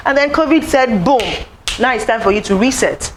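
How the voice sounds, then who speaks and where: Woman, motivational speaker, lively storytelling talk at an event, faint hiss behind. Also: moderate pace, rough recording. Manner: animated, acts out quoted voices, rising to high exclaims. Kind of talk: inspirational talk to a live audience. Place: event room.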